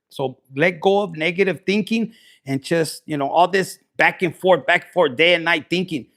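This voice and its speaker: Crude, joking man reading tarot. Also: sits high. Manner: crude, joking, mixes in Spanish slang. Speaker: tarot reader.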